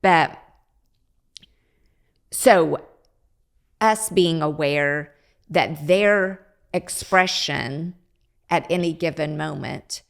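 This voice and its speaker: An older woman, a parenting expert and grandmother, giving calm, measured advice in a casual podcast chat. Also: sits low, vocal fry.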